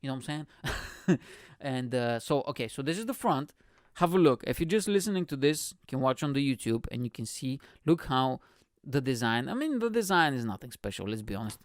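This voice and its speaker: A male podcast host delivering a loose comic monologue, full of swearing and filler like bro and you know what I'm saying. His voice sits at an ordinary middle pitch, and the recording is dry and close with no room sound. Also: very animated, fairly quick, no room sound. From immigrant. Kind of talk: casual comedic podcast monologue.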